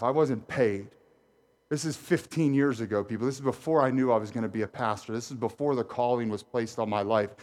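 Animated male pastor preaching. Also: medium pitch. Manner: animated, jokey, addresses congregation directly. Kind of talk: sermon. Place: church sanctuary.

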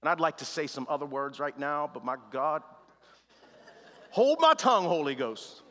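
A male pastor preaching a sermon in plain slangy talk, swinging from hushed to shouted. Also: on the high side, lively intonation, normal speed. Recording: long hall reverb.

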